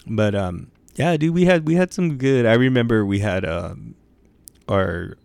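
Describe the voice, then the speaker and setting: A man's voice: fairly low pitch, expressive, measured pace, vocal fry, darkish tone, clean tone, no echo. A young man telling stories in casual chat, with laid-back slang, heavy swearing and constant "bro" and "dude".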